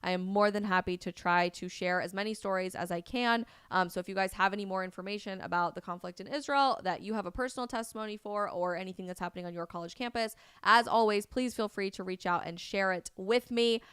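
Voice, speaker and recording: A woman hosting a live stream, delivering impassioned commentary that rises to loud, indignant peaks. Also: medium pitch, fast, hardly any pauses, clean tone, no echo, studio quality. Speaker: host of a live stream show.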